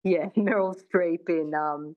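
An Australian woman with a lowish voice talks as an accent coach in an interview. She rambles with restarts and fillers. The sound is dull and lo-fi. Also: steady tone, takes it slowly. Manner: chatty, many restarts and "I mean". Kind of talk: interview chat.

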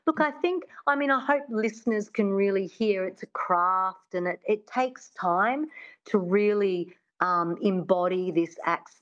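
A woman's voice: mid-range voice, a little slow, lo-fi sound. A woman, a coach being interviewed on radio, agreeable and explaining plainly. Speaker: accent coach.

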